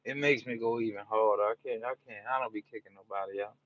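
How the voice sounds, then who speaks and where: A man's voice: on the low side, fairly even intonation, quick pace, fairly bright tone, no room sound, lo-fi sound. A man from New Orleans with a New Orleans accent, chatting casually and rambling with viewers on a live stream. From New Orleans, Louisiana. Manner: laid-back, rambling, peppered with "you know". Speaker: livestreamer.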